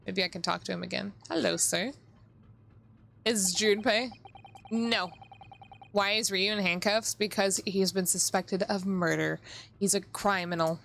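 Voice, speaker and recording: A woman's voice: mid-range voice, fairly even intonation, a little slow, gravelly, pauses often, fairly bright tone, a little hiss or hum. Giggly woman streaming a game. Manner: giggly, reads game lines with playful voices. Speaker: VTuber streamer. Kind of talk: casual game-stream chat, reading dialogue aloud.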